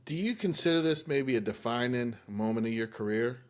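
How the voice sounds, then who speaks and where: A man's voice: mid-range voice, animated, fairly quick. A man hosting a podcast, asking his guest questions in an easygoing way. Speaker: podcast host. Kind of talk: interview questions.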